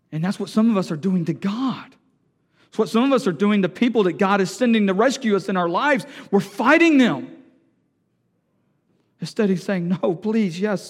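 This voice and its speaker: A male pastor preaching a sermon, moving from quiet, halting storytelling to loud, impassioned pleading. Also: sits high, long reverb tail.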